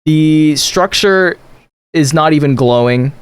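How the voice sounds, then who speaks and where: A man's voice: on the high side, slow, clear, resonant tone, no room sound. A man narrating as game master in loose, laughing speech with many fillers.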